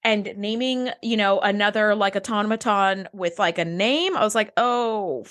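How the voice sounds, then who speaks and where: A woman co-hosting a podcast in casual chat, wry and quick to agree. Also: medium pitch, a bit bright. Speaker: podcast co-host.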